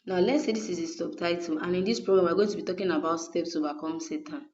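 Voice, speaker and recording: Mellow-voiced woman teaching design. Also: on the low side, fast talker. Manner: patient, repeatedly checks in with "okay?". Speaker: graphic design tutor. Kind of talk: screen-recorded design tutorial. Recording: dull lo-fi recording.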